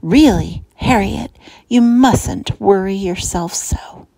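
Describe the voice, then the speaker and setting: A woman voicing a brisk, sensible young female hamster who reassures her sister in a storybook read-aloud. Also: mid-range voice, creaky, mellow, dry recording. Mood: soothing.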